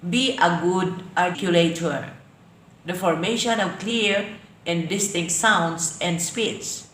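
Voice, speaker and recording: A woman with a Filipino accent teaching an online English class, defining terms slowly and then explaining them. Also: medium pitch, a bit bright, roomy sound. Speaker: lecturer.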